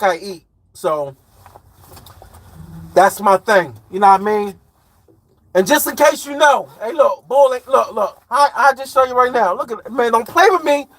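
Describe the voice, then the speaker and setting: High-voiced man rambling on a live stream. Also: a bit bright, dry recording. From Chicago. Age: 40s. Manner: loose, slangy, rambling with lots of fillers. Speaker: livestreamer and truck driver. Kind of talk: casual live-stream chat reading comments.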